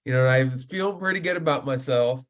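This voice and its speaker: A man hosting a podcast, telling a fishing story in a loose, animated way with plenty of filler words. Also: mid-range voice, fast. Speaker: podcast host. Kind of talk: casual podcast chat.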